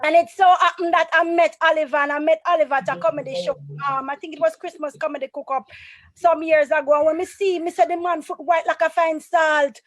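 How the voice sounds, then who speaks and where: A woman with a Jamaican accent telling an animated story in patois as a guest on a video call. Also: high-pitched, fast, no echo.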